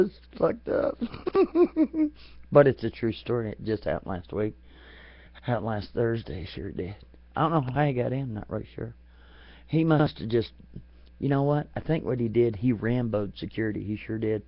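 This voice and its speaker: A man's voice: mid-range voice, dry recording. Man, profane comedic rant, laughs at own jokes, muffled lo-fi sound, dry close mic. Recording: dull lo-fi home recording.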